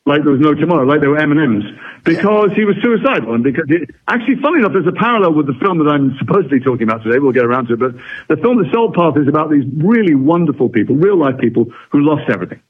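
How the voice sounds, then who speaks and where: Middle-aged English actor, husky and articulate, guest on a phone-like radio line. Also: male voice, on the high side, big pitch swings, rapid-fire. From England. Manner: reflective, articulate, wry.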